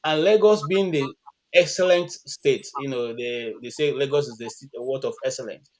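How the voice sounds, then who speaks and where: A man's voice: mid-range voice, normal speed. A Nigerian man on an online panel call, making a point earnestly with many restarts and fillers. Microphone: video call.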